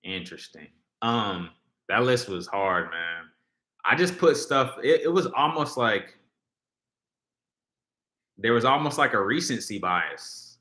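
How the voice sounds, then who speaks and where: This livestream host reacts to music and reads viewer comments aloud, his lowish voice animated, pushed and bright. He speaks slowly and pauses often, wandering through his chat with lots of fillers and false starts. His recording carries a roomy echo.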